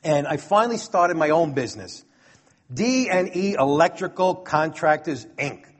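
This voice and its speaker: Middle-aged new guy telling a story, voice sits pretty high, bit husky, acts out all the back and forth. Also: normal speed. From Brooklyn, New York. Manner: lively, acts out dialogue, chuckles. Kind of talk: personal storytelling.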